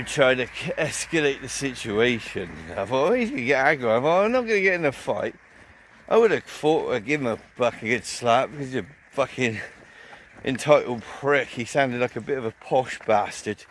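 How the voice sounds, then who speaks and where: A man's voice: medium pitch, slight background noise. A man vlogging a casual, rambling festival review, swearing often and telling a story full of fillers.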